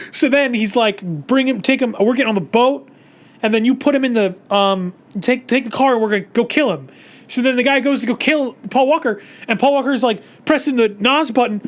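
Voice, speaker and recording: Exasperated, swearing movie-recap ranter. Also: medium pitch. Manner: exasperated, profane, rambling with many restarts; incredulous, swings between muttering and loud outbursts. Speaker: YouTuber. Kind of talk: casual movie recap rant.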